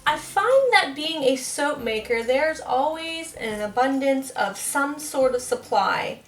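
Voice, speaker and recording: A woman with a slightly high voice narrates her soap making in a loose, casual vlog. She is chatty and laughs now and then as she tells stories while she works. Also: expressive, slow, faint music behind. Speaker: soap maker.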